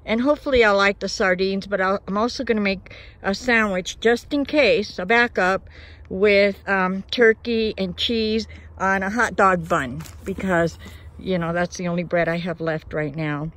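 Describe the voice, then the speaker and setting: A woman's voice: mid-range voice, steady tone, moderate pace, a bit bright. A woman vlogging outdoors from her van campsite in the woods, talking to her viewers in an earnest, grateful, chatty way. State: out of breath. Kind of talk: casual vlog talk to camera.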